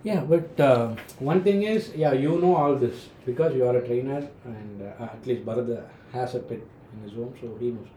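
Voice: mid-range voice, moderate pace, hardly any pauses, mellow. An interviewer, asking hesitant questions as they think aloud. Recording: echoey room, faint noise.

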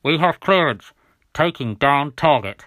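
A man's voice: a little high, animated, unhurried, a bit bright, dry recording, voice pushed up. A man voicing a terse, cold military officer calling over the radio, in a dry close recording. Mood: commanding. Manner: terse radio call-outs.

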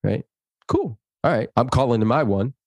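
A man appearing as an interview guest tells a personal story animatedly, acting out its dialogue. His mid-range voice has vocal fry and a moderate pace, captured in a clean studio with no echo.

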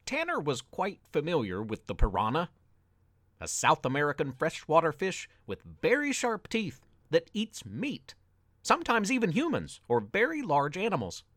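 A man reading a children's adventure story aloud with expressive, dramatic narration. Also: a little high, moderate pace, no echo, clean studio sound.

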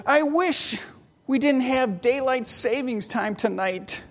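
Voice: high voice, takes it slowly. A preacher putting on a fretful sleepless king. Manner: fretful, self-reproaching. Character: anxious sleepless ancient king, male. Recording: long hall reverb.

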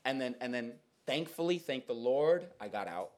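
A young man recounts a story on a casual podcast, his pitch swinging widely as he goes. He rambles and restarts with many fillers, animated and chatty. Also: normal speed, few pauses. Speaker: podcast host.

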